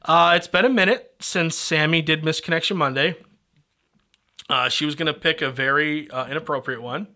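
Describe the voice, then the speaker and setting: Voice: mid-range voice, normal speed, pushed and bright. A podcast co-host in casual studio banter, blunt and opinionated, teasing their partner.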